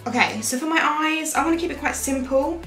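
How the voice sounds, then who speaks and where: A young beauty vlogger from Britain talks through her makeup routine in a chatty, meandering way, often forgetting where she was going. Her voice is high-pitched and a bit bright, and she speaks a little fast. The space is echoey, with faint background music.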